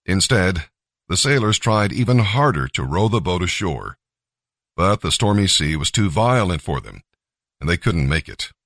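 A man narrating a scripture story in a measured, expressive reading. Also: deep voice, no echo, studio quality.

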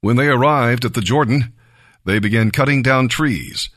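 A man reading scripture aloud in a slow, deliberate, measured way. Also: medium pitch, a bit bright, dry recording, clean studio sound. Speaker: Bible reader.

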